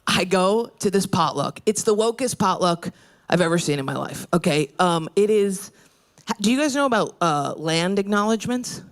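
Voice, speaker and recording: A woman's voice: on the low side, lively intonation, moderate pace. A woman from New York state doing a stand-up comedy set in a brash, crude, self-deprecating way. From New York state, USA. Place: comedy stage.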